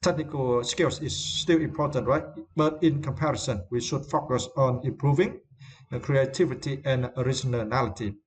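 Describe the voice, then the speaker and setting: A man's voice: medium pitch, steady tone, normal speed, a little hiss or hum. A man whose first language is Vietnamese, teaching English vocabulary in a hesitant way, with many fillers and tag questions. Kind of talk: vocabulary lesson.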